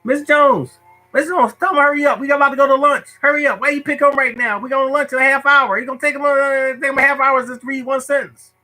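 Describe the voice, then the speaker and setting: A man's voice: very high-pitched, fairly even intonation, fast, pushed and bright, pitched above the performer's own voice. A man voicing a bunch of mocking schoolkids with a taunting, sing-song manner. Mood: impatient. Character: jeering schoolkids, loud and mocking.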